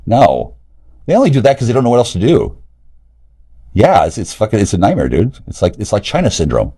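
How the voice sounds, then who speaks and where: A man in a rambling, profane monologue, agitated and jumping between loud outbursts and low mutters. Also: wildly swooping pitch, husky. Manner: profane, agitated, rapid loud and quiet swings. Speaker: streamer talking to camera.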